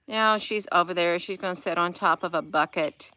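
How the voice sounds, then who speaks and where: Bright-voiced woman rambling on a livestream. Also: on the low side, fairly even intonation, moderate pace, few pauses. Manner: meandering, loses her train of thought, greets viewers by name. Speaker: live streamer. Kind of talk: rambling casual livestream chat. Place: outdoors in a yard with birds.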